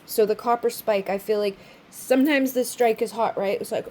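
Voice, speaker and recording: Mellow-voiced woman giving a casual tarot reading. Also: a little high, fairly quick, a little hiss or hum. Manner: chatty, swears freely, acts out quotes. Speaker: tarot reader.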